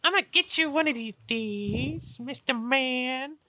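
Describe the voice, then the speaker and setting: A man voicing a tiny, excitable half-orc girl who squeals and giggles. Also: very high voice, measured pace, dry recording, pitched above the performer's own voice, exaggerated voice. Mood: playful.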